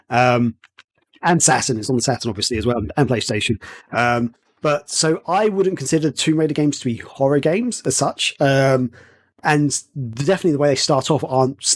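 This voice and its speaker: A man in casual podcast chat, telling a story with many fillers and restarts. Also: medium pitch. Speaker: podcast co-host.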